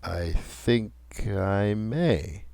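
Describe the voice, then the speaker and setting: A man voicing a brooding, solitary railway signalman who speaks low, quiet and wary in a storybook reading. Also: takes it slowly, vocal fry, slightly rough, no room sound, exaggerated voice. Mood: wary, subdued.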